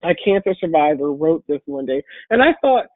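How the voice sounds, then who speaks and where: A woman's voice: very animated, moderate pace, dry recording. Congested woman on a thin phone-like line. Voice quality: deep voice. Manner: upbeat and encouraging, direct. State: congested and hoarse from a cold. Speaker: guest speaker and patient advocate. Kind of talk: webinar talk. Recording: phone-like online call audio.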